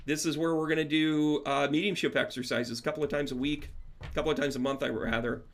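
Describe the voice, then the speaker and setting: A man's voice: on the high side, fairly even intonation, fast talker. Chatty, rambling man on a livestream. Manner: rambling, chatty, warm to viewers. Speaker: spiritual medium and tarot teacher. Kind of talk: casual livestream chat.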